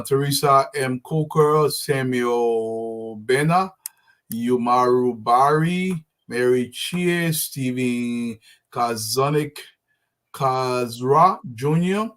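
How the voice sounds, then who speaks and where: A man's voice: mid-range voice, fairly bright tone. A man runs a live talk show and greets his audience by name. His delivery is friendly and rambling, full of fillers and restarts, in an ordinary mid-range voice. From Liberia. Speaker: show host.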